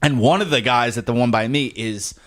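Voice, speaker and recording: A young man co-hosting a podcast, telling stories in a casual, animated way and breaking into mocking voices. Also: mid-range voice, fairly quick. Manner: animated storyteller, swings into mocking quoted voices. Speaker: podcast co-host. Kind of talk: casual chat.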